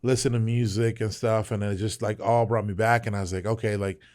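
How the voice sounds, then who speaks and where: A man's voice: on the low side, a little fast. Profane, storytelling Texan veteran man. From South Texas, Rio Grande Valley. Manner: animated, profane, laughs through his stories. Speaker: guest, veteran. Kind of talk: casual storytelling.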